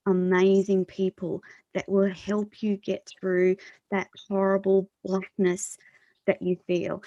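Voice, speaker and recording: A woman hosting an interview show, speaking in an earnest, encouraging, measured way. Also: mid-range voice, mellow, dry recording. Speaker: host. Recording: dull, dry lo-fi sound.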